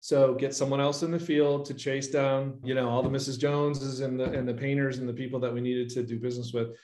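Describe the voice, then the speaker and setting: A man, a guest business owner, telling animated stories about his early years in a casual interview. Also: medium pitch, brisk. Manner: animated storyteller who acts out quoted voices. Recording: roomy echo.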